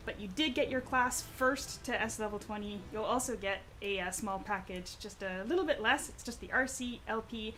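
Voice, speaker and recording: A woman's voice: fairly high pitch, fairly bright tone, slight background noise. A woman hosting a game live stream, chatting casually while she plays and explains rewards.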